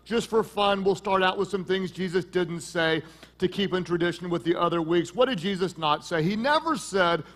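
A middle-aged man preaching a sermon as pastor, joking and lively, with sudden loud peaks. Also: high-pitched, moderate pace.

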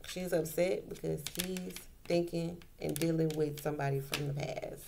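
A woman's voice: deep voice, fairly even intonation, moderate pace, gravelly, a little mellow, slight background noise. A woman doing a casual tarot reading, talking in a colloquial way and repeating her points for emphasis. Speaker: tarot reader.

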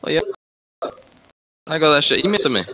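A man's voice: a little high, very animated, quick pace. A Scottish man chatting casually with friends while gaming, blunt and swearing freely. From Scotland. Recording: noisy background.

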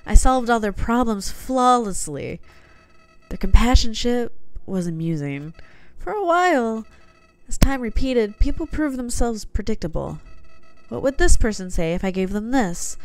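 A woman's voice: a little high, expressive, a little slow, pitched above the performer's own voice. Flowey, a woman voicing a sinister soulless flower. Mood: coldly confiding. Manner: reads game dialogue aloud in a put-on voice, slightly theatrical. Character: sinister soulless talking flower, cold and manipulative. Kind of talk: reading game dialogue aloud.

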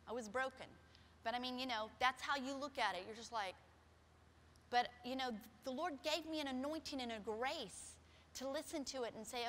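A middle-aged woman pastor preaching a sermon with personal stories in a church, shifting from soft, quiet passages to loud, emphatic ones. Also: high-pitched, normal speed, a little hiss or hum. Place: church sanctuary. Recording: long hall reverb.

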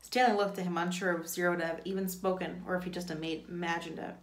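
A woman's voice: fairly low pitch, steady tone, fast. A woman, a teacher, reading a novel aloud, with occasional slips and self-corrections. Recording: echoey room.

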